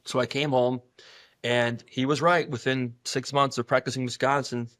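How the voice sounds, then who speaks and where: A man telling stories in a casual podcast chat, animated, acting out voices and sounds. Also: normal speed, no echo. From Upper Midwest of the US. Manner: animated, acts out patients' voices and squeak sounds.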